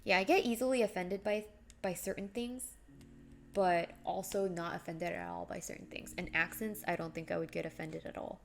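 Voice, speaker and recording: A woman's voice: lowish voice, steady tone, moderate pace, gravelly. A young woman chatting casually on a live stream while crafting, rambling and reading out viewer messages. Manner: chatty, rambling, reads chat aloud.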